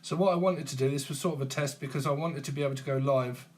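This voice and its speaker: A man's voice: medium pitch, steady tone, fast talker, darkish tone. A man in his forties hosting a casual live stream on his phone, chatting with viewers in a teasing, jokey way and chuckling often. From England. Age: 40s. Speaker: tarot channel host.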